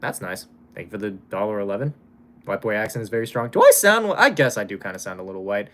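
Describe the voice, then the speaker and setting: Lively young man streaming live. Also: fairly low pitch, fast. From Hawaii. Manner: chatty, lively, swears casually. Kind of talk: casual live-stream chat reading donations.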